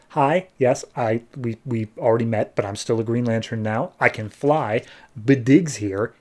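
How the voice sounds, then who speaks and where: A man hosting a podcast, casually recapping a comic book issue and tossing in quick playful voices for the characters. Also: medium pitch, darkish tone. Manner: retells scenes with quick playful quoted voices. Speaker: podcast host.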